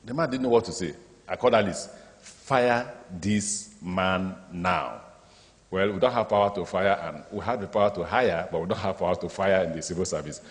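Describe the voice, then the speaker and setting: A man's voice: low-pitched, quick pace. A man with a Nigerian accent, a state governor addressing an education summit, telling stories and acting out the dialogue in them. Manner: lively storyteller, acts out dialogue in speech, draws audience laughter. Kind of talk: speech with anecdotes. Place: large conference hall. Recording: reverberant hall.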